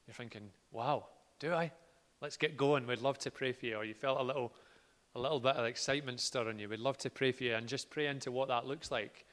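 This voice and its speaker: Preacher in a reverberant hall. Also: male voice, mid-range voice, steady tone, a little fast. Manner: earnest, builds from quiet to loud. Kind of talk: sermon.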